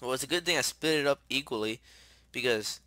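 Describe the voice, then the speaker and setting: A young man rambles through his gameplay, chatty and quick to get startled. His voice is bright and forward, recorded close and dry with no room sound. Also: mid-range voice, no echo, soft background music. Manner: chatty, rambling, excitable, shouts when startled. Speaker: gamer. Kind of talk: casual gameplay commentary.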